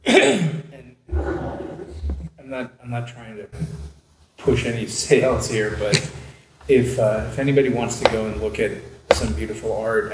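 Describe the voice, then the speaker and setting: A man on a panel making a hesitant, slightly apologetic aside. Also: on the low side. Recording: echoey room, noisy, distant mic.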